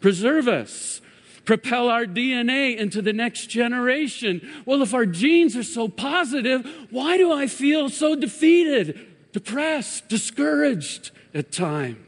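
A man preaching a sermon as pastor, swinging from emphatic raised peaks to hushed, quiet drops. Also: high voice. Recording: long hall reverb.

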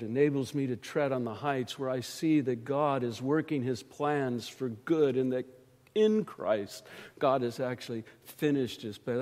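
A pastor preaches a sermon in a reverberant church hall, his delivery slow and emphatic. His voice swells loud on key phrases and drops low in between.

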